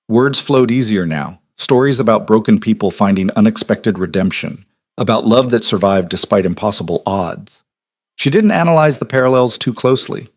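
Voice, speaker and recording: A man narrating a romance audiobook in a calm, measured way. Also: fairly low pitch, dry recording, studio quality.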